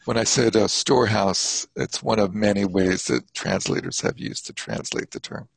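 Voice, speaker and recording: A man teaching a class on Buddhist texts, explaining terms thoughtfully and haltingly. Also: lowish voice, very animated, creaky, slightly rough, no room sound, poor audio.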